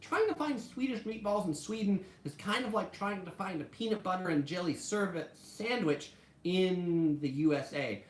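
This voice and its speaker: A woman who hosts a travel channel chats on a casual food-focused live stream, using "like" constantly as filler. Her fairly low voice sounds reverberant.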